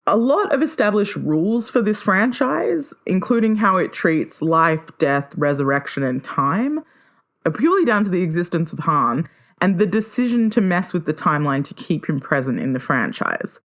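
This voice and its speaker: A woman hosting her own podcast, talking solo in a playful, enthusiastic way and often jumping up in pitch with excitement. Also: moderate pace. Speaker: podcast host.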